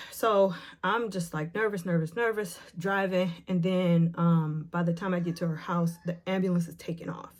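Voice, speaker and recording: A woman vlogger retelling a painful memory, emotional and nervous, with halting speech full of fillers and restarts. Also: lowish voice, steady tone. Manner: retells scenes by acting out the quotes. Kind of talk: personal storytelling to camera.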